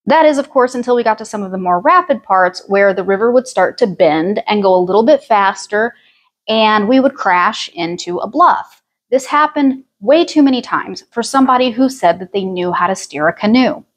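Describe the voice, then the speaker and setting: A woman, telling a personal story with wry asides on a storytime vlog. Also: mid-range voice. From Ozarks, United States. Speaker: vlogger.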